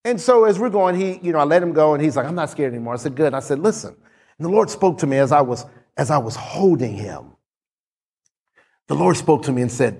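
A preacher man with a high, gravelly and husky voice, telling a story from the pulpit. He acts out the dialogue, swinging between lively lines and sudden soft, low passages. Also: a little fast. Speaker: pastor. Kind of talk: sermon storytelling.

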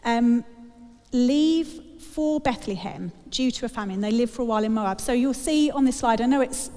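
A woman delivers a sermon with a chatty, wry humour. Her voice sits somewhat high. The sound carries a long reverb, as in a church hall. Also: normal speed, warm tone, soft background music. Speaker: preacher.

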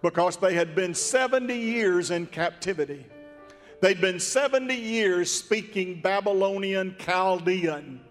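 A man preaching a sermon in a folksy, drawn-out, emphatic way. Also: high voice, long reverb tail, faint music behind. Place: church sanctuary.

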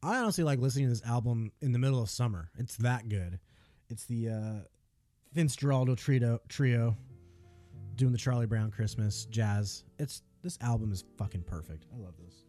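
A man's voice: medium pitch, moderate pace, dark tone. A man co-hosting a podcast in loose, casual chat, with a mid-range voice. He sounds laid-back, laughs often and swears freely. Faint guitar music plays underneath. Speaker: podcast co-host.

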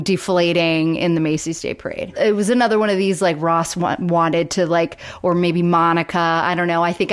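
A woman co-hosting a podcast, chatting casually in a lively way and laughing often. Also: on the low side. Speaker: podcast co-host. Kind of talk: casual chat.

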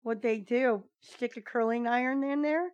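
A woman's voice: a little high, moderate pace, darkish tone, clear, resonant tone, no room sound, lo-fi sound. A woman co-hosting a comedy podcast, teasing the others playfully. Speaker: podcast co-host. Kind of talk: casual comedy podcast chat.

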